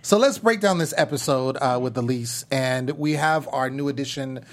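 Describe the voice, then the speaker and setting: A man's voice: medium pitch, normal speed. A man hosting a casual panel chat show, hyped and playful, greeting guests with big energy. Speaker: host.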